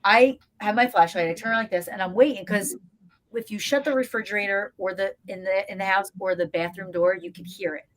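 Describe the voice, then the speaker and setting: Guest spot: woman investigator, expressive storyteller, mid-pitched, chatty. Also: brisk. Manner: animated storyteller, acts out scenes, frequent fillers. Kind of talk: casual storytelling interview.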